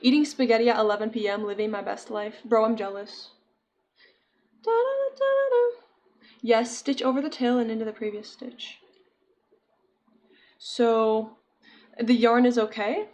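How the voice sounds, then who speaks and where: A woman's voice: fairly high pitch, steady tone, normal speed, a little mellow, highs cut off. A young woman chatting casually with her viewers while she crochets, giggling often and answering chat. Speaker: streamer.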